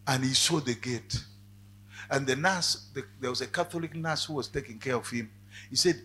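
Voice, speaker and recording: A man preaching with a husky, slightly breathy voice that sits at an ordinary middle pitch. He moves from low, confiding asides to loud, fervent cries, giving a sermon that builds and falls in waves. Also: normal speed. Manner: swings from quiet asides to loud, rising cries.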